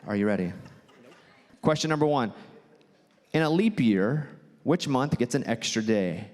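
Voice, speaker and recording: A man with a Southern US accent doing stand-up storytelling for a theater crowd, animated and jumping high when he acts out quotes. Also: measured pace. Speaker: comedian and host. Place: theater stage. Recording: live theater with long reverb and faint ambience.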